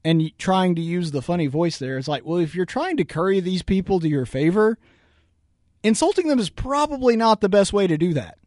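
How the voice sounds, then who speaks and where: A man's voice: sits high, lively intonation, a little fast, darkish tone, no echo, studio quality. A man with a Southern US accent, hosting a radio show and arguing point by point against a video clip. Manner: argumentative, repeats words for emphasis. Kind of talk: political commentary reacting to a video.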